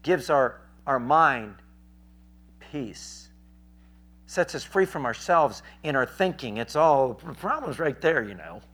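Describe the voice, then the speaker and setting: A man's voice: mid-range voice, slow pace. A man preaching a sermon, telling stories in a rambling conversational way with many fillers and acting out the people in them. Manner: animated, acts out the people in his stories. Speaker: street preacher. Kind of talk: sermon with storytelling.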